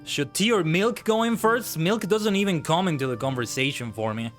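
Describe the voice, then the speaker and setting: Man, streamer, casual chat, profane, animated rants, faint background music. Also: fairly high pitch, normal speed. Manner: ranting, swears freely, animated outbursts. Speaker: VTuber streamer. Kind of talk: casual live-stream chat while gaming.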